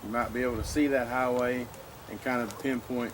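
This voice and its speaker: A man's voice: mid-range voice, steady tone, a little fast. A man with a Southern US accent teaching land navigation to a class, folksy and full of questions to the room. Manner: folksy, asks the room questions, many "you know" and "okay". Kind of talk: informal classroom lecture. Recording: noisy room recording.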